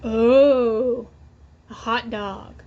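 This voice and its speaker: A woman voicing a greedy, excitable pigeon with grabby, emphatic delivery in a children's picture book read-aloud. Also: fairly high pitch, drawn-out words. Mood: greedy delight. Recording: dull lo-fi audio with faint noise.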